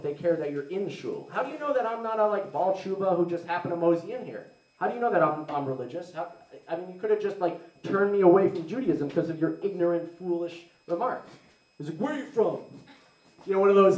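Young man, live stand-up, sarcastic rambler, high voice, roomy distant sound. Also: a little mellow. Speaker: stand-up comedian. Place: live comedy venue. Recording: roomy, mic heard from a distance.

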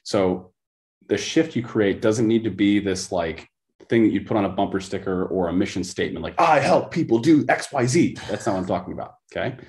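A man's voice: low voice, fairly even intonation, fairly quick, a little mellow. A man speaking as a coach in an interview, telling stories intensely and repeating phrases for emphasis. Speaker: podcast guest, coach. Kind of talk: conversational interview storytelling.

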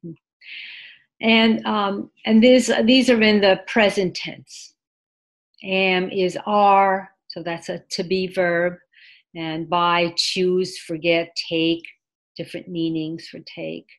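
A woman's voice: lowish voice, level tone, slow. A woman teaching an online English class, speaking patiently, repeating words and adding short Mandarin glosses. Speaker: ESL teacher. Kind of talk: online class lesson with screen sharing.

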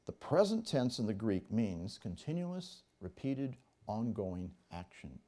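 Lively, warm-voiced preaching man. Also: lowish voice, unhurried. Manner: emphatic, reads scripture aloud and explains it. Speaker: pastor. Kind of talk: teaching sermon. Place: church service.

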